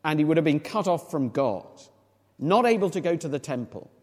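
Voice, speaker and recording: A male preacher with a high, animated voice that climbs and drops freely, walking through scripture in a chatty, questioning way. His words ring out with a long reverb, as in a large church hall. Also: brisk. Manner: conversational Bible exposition with rhetorical questions. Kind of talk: sermon.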